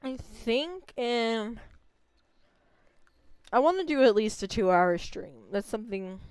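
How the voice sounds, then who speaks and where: A young woman talks casually over her gameplay, rambling and amused at herself. Her voice is high and very clear. The sound is close and dry, with no room to it. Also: slow, a little mellow, dry recording. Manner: chatty, rambling, self-amused. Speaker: game streamer.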